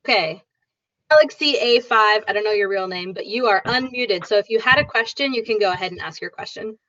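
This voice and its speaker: A woman teaching English pronunciation in an online class, upbeat and demonstrative, repeating sounds slowly for her students. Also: mid-range voice, fairly bright tone, dry recording. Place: online video call. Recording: dull lo-fi video call audio.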